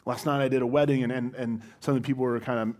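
A man's voice: mid-range voice, fairly even intonation, fast talker, darkish tone. Male pastor, casual sermon, dry jokes at his own expense, stop-start phrasing, mid-range voice. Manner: wry, self-deprecating humor with frequent restarts. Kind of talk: conversational sermon.

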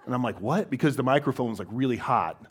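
A man's voice: mid-range voice, fast, slightly rough. A man, a pastor, giving a conversational sermon to a congregation, with wry self-deprecating humor and frequent restarts.

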